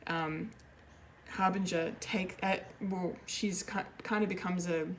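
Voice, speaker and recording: A woman reviewing a TV episode in a casual, rambling way, excitable and full of fillers and restarts. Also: fairly low pitch, slow, a little hiss or hum. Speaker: pop culture reviewer, show regular.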